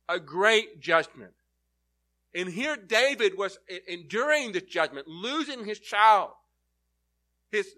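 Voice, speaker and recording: A man's voice: high-pitched, bright, forceful tone. A male preacher giving an earnest Bible-teaching sermon, leaning hard on key words.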